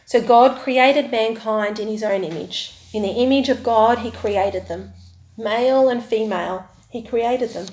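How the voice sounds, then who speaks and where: Woman preacher, fairly high voice, unhurried delivery, church hall echo. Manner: slow, warm conversational preaching with tag questions. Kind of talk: sermon with scripture reading.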